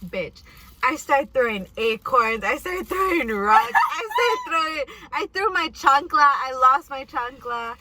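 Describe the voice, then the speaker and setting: A woman's voice: high voice, very animated, measured pace, heavy background noise. A young woman casually telling a story, swearing and laughing often while eating. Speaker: host. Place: indoors at home, eating.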